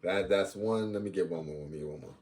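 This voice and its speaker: A man's voice: low-pitched, quick pace. A young man hosting a casual sports fan vlog, talking playfully and repeating lines for emphasis. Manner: animated, playful trash talk.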